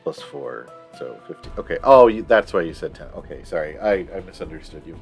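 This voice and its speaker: 낮은 목소리의 남성 게임 마스터. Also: male voice, low-pitched, brisk, creaky, soft background music. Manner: relaxed, filler-heavy explaining. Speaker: game master. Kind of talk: narrating a tabletop game.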